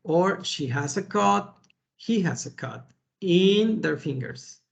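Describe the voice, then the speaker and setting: Slow, gravelly man teaching English. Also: high-pitched, lively intonation, lo-fi sound. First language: Spanish. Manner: slow, patient, repeats words and adds "okay?". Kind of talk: kids' vocabulary lesson.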